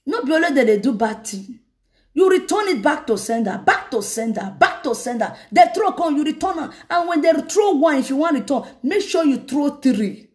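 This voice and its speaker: A woman evangelist, preaching in an animated way and breaking into laughter often. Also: high-pitched, moderate pace. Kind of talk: sermon.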